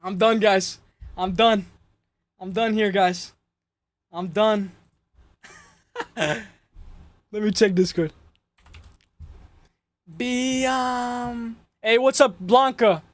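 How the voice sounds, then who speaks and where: A man's voice: high voice, slow pace, long pauses. A young man hosting a casual livestream chat with slangy, rambling talk, his voice a little worn out, constantly repeating "guys". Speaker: livestream host.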